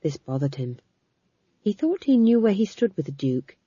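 A woman narrating an audiobook with measured, expressive storytelling, in a dull lo-fi recording. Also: lowish voice, husky, no room sound. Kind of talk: scripted narration.

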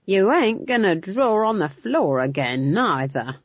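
A woman's voice: lowish voice, big pitch swings, takes it slowly, no echo, voice pushed up, full character voice. A woman voicing an earthy older witch who talks in a homely, colloquial, innocent-sounding way. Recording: dull lo-fi dry recording.

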